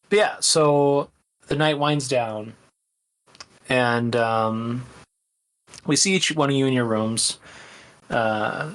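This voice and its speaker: A man's voice: medium pitch, fairly bright tone. A man narrating a tabletop game as its game master, hesitant and full of filler words.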